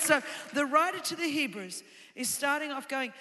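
Woman pastor, emphatic sermon delivery building to shouts, long hall reverb. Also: high voice, expressive, moderate pace. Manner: emphatic, rhythmic repetitions, rising to shouts. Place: large hall with live congregation.

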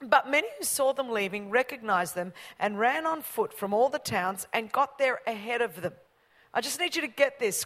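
An Australian woman in her forties, guest-preaching a sermon, jokes and banters exuberantly with the congregation. Her voice sits on the high side with a fairly bright tone. The long reverb of a large church auditorium carries her words.

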